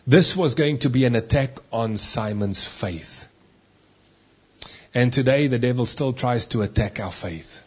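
Husky-voiced man preaching a sermon. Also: lowish voice, expressive, unhurried. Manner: emphatic, swings between loud and hushed. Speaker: pastor.

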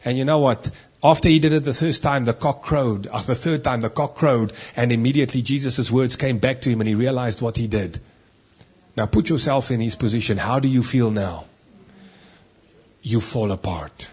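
Male pastor preaching, husky voice, mid pitch, gets loud then drops way quiet for emphasis. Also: moderate pace. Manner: emphatic, swings between loud and hushed. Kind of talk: sermon.

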